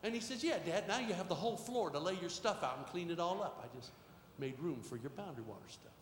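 Male pastor, sermon, quiet storytelling to shouting, high voice, roomy church echo. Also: expressive, quick pace. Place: church sanctuary. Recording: echoey hall with faint noise.

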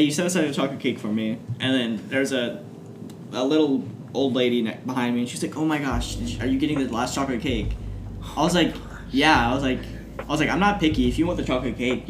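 A man's voice: medium pitch, fast, reverberant, background noise. A young man co-hosting a casual podcast with friends, telling a long rambling story and quoting people as he goes. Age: young adult. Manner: rambling storyteller, quotes people in his stories. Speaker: podcast co-host. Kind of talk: casual chat. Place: apartment living room.

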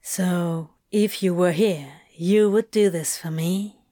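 Flustered sardonic male demon, read by a woman, low murmur, slow. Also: expressive, a little mellow, no room sound, clean studio sound.

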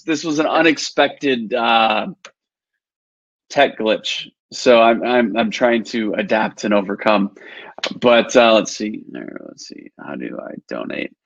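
Slightly hoarse man, live podcast host, rambly and upbeat, dry and muffled sound. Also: medium pitch, sing-song, takes it slowly, long pauses, a bit bright, dry recording. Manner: rambling, filler-heavy, upbeat. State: partly losing his voice. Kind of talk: casual live-stream chat.

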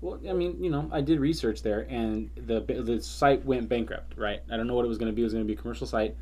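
Man, casual chat, profane, rambling storyteller, mid pitch. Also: fast talker, a little mellow. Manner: profane, loose storytelling with fillers.

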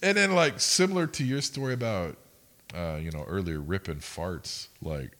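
Deep bright-toned young guy, cussing a lot while he tells a story on a podcast. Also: lively intonation, moderate pace. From United States. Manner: profane, rambling storyteller. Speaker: podcast co-host. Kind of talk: casual chat.

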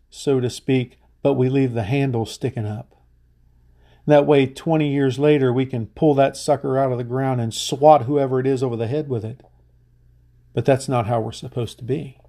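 A man's voice: medium pitch, mellow. A middle-aged man, a pastor, preaching a sermon in an earnest way, often restarting his words.

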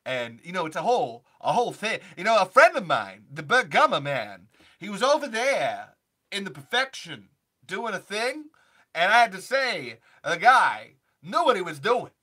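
A man plays an eccentric older actor with a halting, off-kilter cadence. The voice is bright and lively, and it stops and starts in strange places. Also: sits high, exaggerated voice. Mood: musing. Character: offbeat older male actor, odd cadence.

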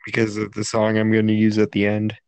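A man's voice: fairly low pitch, monotone, fairly quick, a little mellow, no room sound. A man hosting a casual podcast chat, talking in a dry, teasing, opinionated way. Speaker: podcast host.

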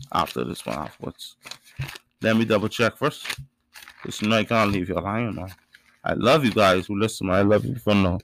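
A man from the islands reciting his own spoken word poetry and rap, with rhythmic, emphatic delivery and sudden loud rises. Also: lowish voice, no echo, rough recording. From Bahamas.

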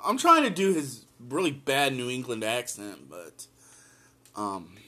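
A man's voice: mid-range voice, wildly swooping pitch, unhurried, bright, forceful tone, a little hiss or hum. A man giving impassioned solo political commentary and reading an article aloud, blunt and emphatic, repeating lines for force.

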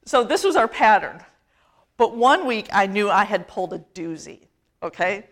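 A woman's voice: medium pitch, lively intonation, normal speed. A middle-aged woman priest preaching a conversational sermon, self-deprecating and often laughing.

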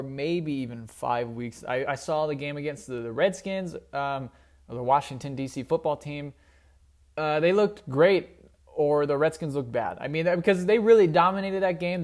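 A young man hosting a solo sports podcast, rambling casually with fillers and restarts, joking at his own expense. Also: a little high. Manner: rambling, self-deprecating, with many fillers and restarts. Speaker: podcast host.

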